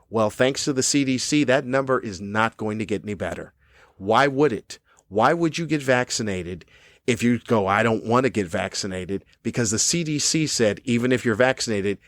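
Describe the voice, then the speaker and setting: Recorded at studio quality with no echo, a man with a mid-range voice hosts his own podcast from a cruise ship room, where he's a cranky comedian launching into an angry, expletive-laden monologue.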